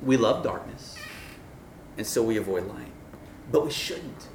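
A campus minister with a medium-pitched, creaky voice preaches to students at a slightly slow pace. Animated and funny, he performs the voices in his stories. The recording, made from a distant mic in an echoey room, carries faint noise.

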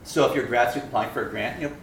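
A man's voice: medium pitch, rapid-fire, gravelly. A man giving a sermon to students, telling stories with humor and acting out the voices in them. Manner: animated, acts out voices in his stories. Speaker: campus minister giving a talk. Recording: echoey room, mic at a distance, faint noise.

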